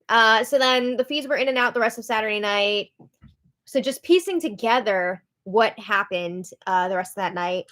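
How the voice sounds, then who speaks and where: A woman's voice: mid-range voice, fairly bright tone. A woman hosting a casual live recap of a reality show, talking in a chatty way with frequent "like".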